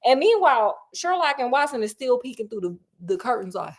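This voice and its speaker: A woman storyteller retelling a classic mystery in an animated, slangy way, asking her listeners questions. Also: on the high side, fairly quick.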